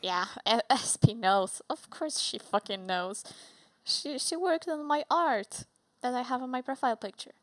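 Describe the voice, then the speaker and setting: A woman's voice: on the high side, lively intonation, measured pace, no room sound. A young woman, a native Polish speaker with a Polish accent, chatting casually on a livestream, giggly and bubbly with playful swearing. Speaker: streamer.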